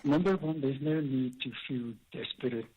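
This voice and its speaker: Brief: male psychologist guest, very husky voice, muffled lo-fi remote line. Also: mid-range voice, moderate pace, darkish tone. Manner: reassuring, emphatic. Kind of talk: radio interview answer.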